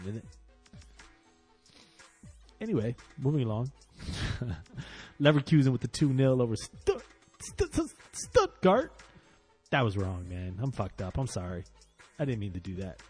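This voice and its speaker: A man hosting a casual football podcast, running through results in an animated, profane way that gets loud when he is frustrated. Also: lowish voice, husky. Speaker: podcast host. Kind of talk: casual football round-up chat.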